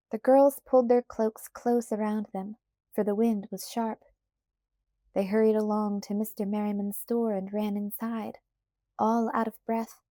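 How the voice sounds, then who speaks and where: A woman narrating a children's audiobook in a calm, even storytelling voice. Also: mid-range voice, unhurried, no room sound, studio quality. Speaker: audiobook reader. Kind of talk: scripted narration.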